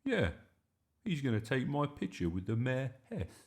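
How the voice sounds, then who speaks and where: A man's voice: mid-range voice, big pitch swings, measured pace, voice pushed up. A man voicing a mischievous, stubborn six-year-old boy in a read-aloud storybook, indignant and protesting. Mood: boastful.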